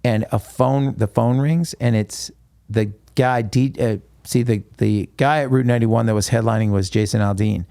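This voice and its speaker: A man, a guest musician, recounting a personal story in an interview, halting with frequent restarts. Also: mid-range voice, fairly even intonation, gravelly, warm tone, dry recording.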